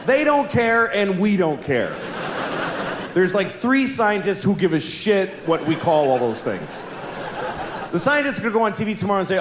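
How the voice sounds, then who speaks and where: A man doing a sardonic stand-up comedy routine on stage, acting out little voices. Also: high voice. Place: comedy stage before live audience. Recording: echoey venue with audience noise.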